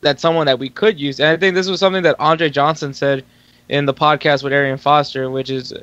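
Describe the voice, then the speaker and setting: A man's voice: a little high, fairly even intonation, a little fast, fairly bright tone, dry recording. Rambling man on dry lo-fi audio. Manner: rambling, full of restarts and fillers. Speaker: sports talk co-host. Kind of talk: casual sports talk.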